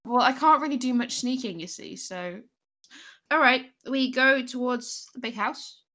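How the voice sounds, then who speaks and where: A woman's voice: a little high, a little slow, sharp tone. A woman playing a tabletop game, playful and giggly, talking in casual bursts. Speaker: player.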